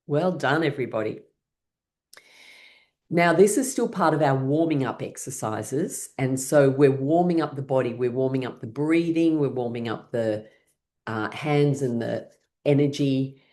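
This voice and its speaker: A woman's voice: a bass voice, warm tone. A woman leading an online laughter yoga class, coaxing people through breathing, shaking and clapping, and breaking into rhythmic laughter herself. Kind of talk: guided laughter exercise class. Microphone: online class, video call.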